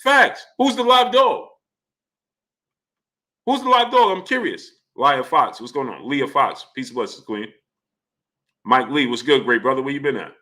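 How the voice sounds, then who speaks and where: A man's voice: mid-range voice, expressive, normal speed, long pauses, sharp tone. A man hosting a boxing livestream, talking casually, greeting chatters by name and firing the same question again and again.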